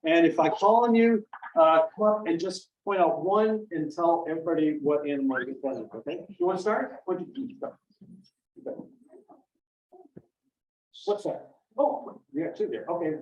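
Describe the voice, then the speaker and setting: A man's voice: fairly high pitch, normal speed. A middle-aged man from Maine, a children's author telling stories to kids at a library and acting out the voices of the people he quotes. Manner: animated, acts out quoted voices. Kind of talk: storytelling talk to children and families. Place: library event room. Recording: dull, echoey room from far off.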